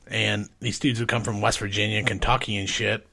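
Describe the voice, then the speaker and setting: A man hosting a casual podcast, his voice sitting a little low. He tells stories bluntly and swears constantly. The talk is loose and unscripted. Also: steady tone, fairly quick, creaky, hardly any pauses, bright, forceful tone. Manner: profane, blunt storytelling. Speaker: podcast host. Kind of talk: casual chat.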